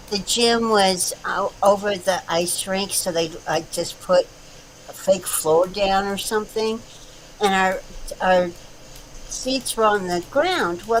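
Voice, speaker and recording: A woman telling an animated, chatty anecdote with dry asides. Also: medium pitch, measured pace, a little hiss or hum, low-quality recording. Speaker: storyteller. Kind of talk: casual chat.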